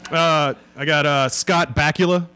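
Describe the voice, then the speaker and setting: Deadpan rambling man at a live podcast. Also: a little high, measured pace, very noisy. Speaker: podcast guest. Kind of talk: comedic live podcast banter. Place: live show venue with an audience.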